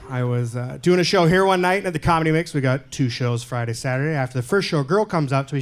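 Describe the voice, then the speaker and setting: Performing a stand-up set in a comedy club, this Canadian male comedian is deadpan and self-deprecating but delivers his punchlines loudly. His voice sits in the mid range.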